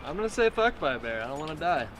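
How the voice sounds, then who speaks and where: A man with a slightly high voice gives blunt answers and teases his friends in a group chat. Clear music plays behind him. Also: sing-song, racing, fairly bright tone. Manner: blunt, teasing. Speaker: co-host. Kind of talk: casual chat.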